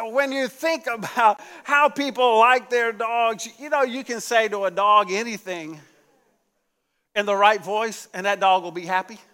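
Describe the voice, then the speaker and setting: A man preaches a sermon as pastor in a church sanctuary, his high-pitched voice pushed and bright with a clean tone. He uses call-and-response lines and emphatic repetition, and the church hall echoes.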